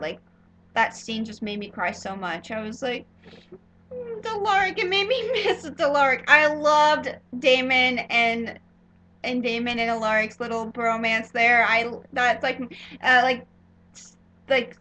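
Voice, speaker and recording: Bright-voiced young woman rambling about TV. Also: fairly high pitch, measured pace, low-quality recording. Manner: rambling, gushing, lots of filler "like"s and restarts. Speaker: TV episode reviewer. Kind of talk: casual spoiler review monologue.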